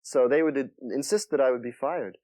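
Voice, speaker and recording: In an interview, a soft-spoken male comedian with a mid-range voice tells stories, halting and starting over as he goes. There's no room sound.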